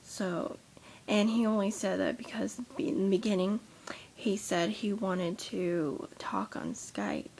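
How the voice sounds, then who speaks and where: Slow, gravelly young woman half-whispering. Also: mid-range voice, animated, a little hiss or hum. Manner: soft, half-whispered and rambling. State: tired with a headache. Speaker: vlogger. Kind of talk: casual rant to camera.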